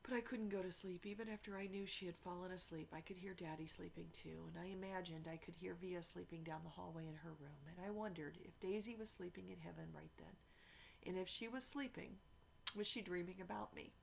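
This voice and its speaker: A woman reads a novel aloud with a gravelly, slightly creaky voice. Her delivery is earnest and emotional, at a middle pitch, with faint noise in the background. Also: fairly quick, low-quality recording. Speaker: reader.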